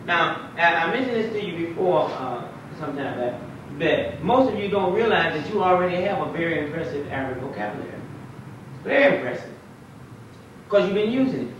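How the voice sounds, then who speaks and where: Man, imam, classroom lecture, fairly high voice, distant echoey room, muffled old tape. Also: lively intonation, fairly quick, hardly any pauses, background noise. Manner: conversational, quizzes the class with questions. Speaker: imam teaching Arabic. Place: mosque classroom.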